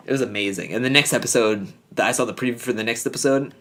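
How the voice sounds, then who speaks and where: A man's voice: fairly low pitch, fast talker, fairly bright tone, a little hiss or hum. A man co-hosting a podcast, casually recapping a reality show in a rambling way, full of fillers and acted-out quotes. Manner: rambling, filler-heavy, acts out quoted lines. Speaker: podcast co-host.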